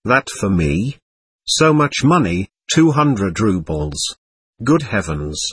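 A man's voice: on the low side, sing-song, slow pace, husky, no echo, voice pushed down, heavily acted. A man voicing a poor, proud, grieving captain who tells his story with bitter emotion. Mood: astonished.

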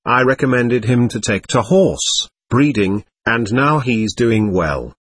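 A man voicing a gushing, domineering middle-aged lady who lectures and talks over others, with a husky voice. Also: mid-range voice, lively intonation, slow pace, no room sound.

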